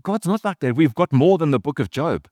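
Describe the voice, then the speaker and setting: A man's voice: on the high side, expressive, a little fast, dark tone, no room sound, studio quality. A man, a pastor, giving an earnest, conversational sermon with casual asides.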